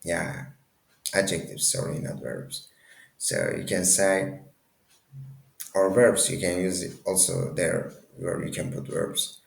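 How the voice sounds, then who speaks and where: Slow, gravelly low-voiced male teacher. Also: lively intonation, roomy sound. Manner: halting, many restarts and self-corrections. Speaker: language teacher. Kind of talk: casual language lesson.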